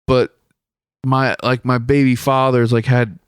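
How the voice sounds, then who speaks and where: A man's voice: mid-range voice, flat delivery, a little slow, smooth, no echo, studio quality, pitched above the performer's own voice, close to an everyday voice. A man putting on a brash, profane woman in her forties who shrugs off danger and calls herself a survivor. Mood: breezy. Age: 40s. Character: brash streetwise middle-aged woman, tough survivor.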